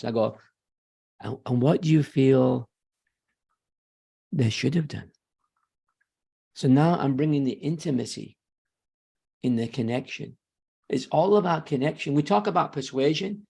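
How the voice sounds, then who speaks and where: Gravelly self-assured man. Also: a little high, warm tone. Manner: confident, emphatic, quick self-corrections. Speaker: real estate sales trainer. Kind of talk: guest talk on a sales webinar.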